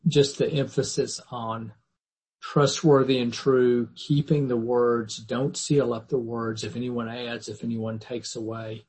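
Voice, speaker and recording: A man with a rough, gravelly voice at an ordinary pitch. He reads scripture to his class and then lectures in a measured, thoughtful way, often restarting his sentences. He sounds like he is teaching over a video call. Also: flat delivery, darkish tone, poor audio.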